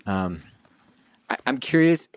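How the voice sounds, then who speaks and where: A man's voice: medium pitch, expressive, slow, no echo. A male podcast host speaking reflectively and hesitantly in a casual interview. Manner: soft-spoken, reflective, hesitant.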